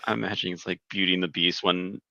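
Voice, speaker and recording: A man's voice: deep voice, fairly even intonation, fast, vocal fry, pushed and bright, no room sound. A man playing a tabletop game, reading out his rolls with hesitant fillers. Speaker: player. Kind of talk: casual play at a tabletop game. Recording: dull lo-fi mic.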